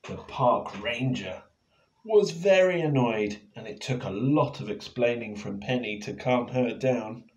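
A man reading his picture book aloud to children in a playful, expressive way, now and then turning to ask them questions. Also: medium pitch, measured pace, muffled recording. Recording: echoey room.

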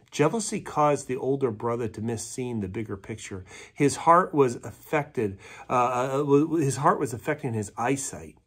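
A male pastor from preaching a sermon, retelling a parable with animated character voices, then dropping to hushed tones for tender lines. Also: mid-range voice, moderate pace, slightly rough.

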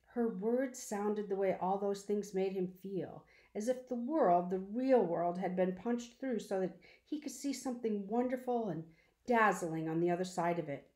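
A woman reading a children's novel aloud in a calm, measured storytelling voice. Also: mid-range voice. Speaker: audiobook reader. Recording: roomy echo.

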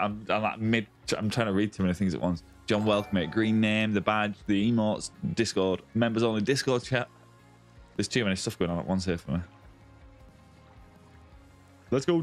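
A young man on a live game stream, chatting casually and greeting viewers by name as mate and buddy. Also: lowish voice.

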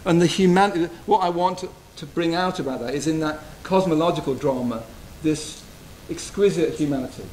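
Gentle man giving a dharma talk. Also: fairly high pitch, normal speed, hardly any pauses, a little hiss or hum, poor audio. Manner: gentle, tender, often checks in with "yeah?". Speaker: Buddhist teacher giving a retreat talk. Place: retreat hall.

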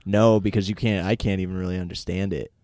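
Hesitant low-voiced man. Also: steady tone, fast, dark tone, no room sound, clean studio sound. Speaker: podcast co-host. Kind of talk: casual chat.

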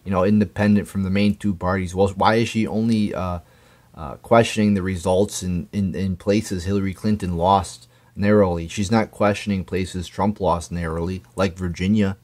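A political commentator delivers an angry rant about politics, swearing often and stumbling over his words with repeated restarts, sounding profane, stammering and indignant. His voice is low-pitched and darkish, with fairly even intonation and a moderate pace.

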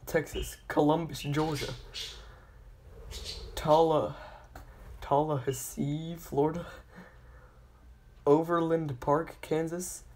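A channel host slowly reading out a long list of place names, stumbling on hard ones, retrying them and apologizing for mispronouncing. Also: mid-range voice, darkish tone. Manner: apologetic about pronunciation.

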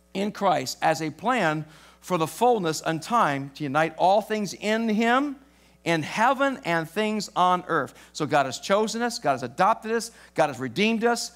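Male pastor, high voice, live church sermon, quizzing the congregation. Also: fairly bright tone. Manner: quizzes the congregation with fill-in questions.

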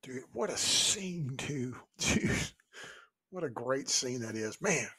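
A man's voice: mid-range voice, expressive, slow, pushed and bright, husky. A man co-hosting a book podcast, enthusiastic and casual, laughing often. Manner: enthusiastic, says "dude" a lot, laughs often. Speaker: podcast co-host. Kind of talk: casual book discussion chat.

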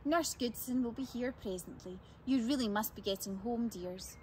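A woman voicing a kindly, frail old lady in a storybook read-aloud, speaking gently and calling the children "dears". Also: on the high side, moderate pace, slight background noise, close to an everyday voice, poor audio. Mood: gentle. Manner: gentle, warm endearments to children.

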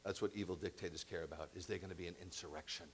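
A man's voice: low voice, fairly even intonation, rapid-fire, slight background noise. A man preaching a sermon as rabbi, emphatic and conversational with blunt asides.

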